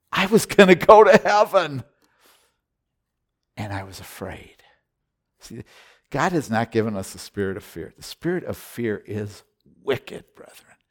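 A man preaching a sermon as pastor, telling a personal story and exhorting his congregation, moving between hushed, slow passages and loud emphatic declarations. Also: mid-range voice, creaky.

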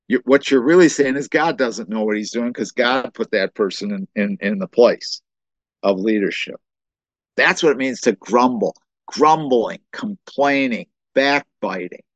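A man's voice: mid-range voice, no room sound. Preaching man, muffled dry recording. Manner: animated preaching with restarts and voiced quotes. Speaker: pastor. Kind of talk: sermon.

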